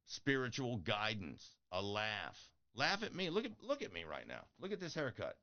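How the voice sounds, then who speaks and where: A man's voice: on the low side, fairly bright tone. A middle-aged man talking earnestly to his viewers in a casual motivational vlog, pleading and encouraging. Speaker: streamer. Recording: dull lo-fi audio.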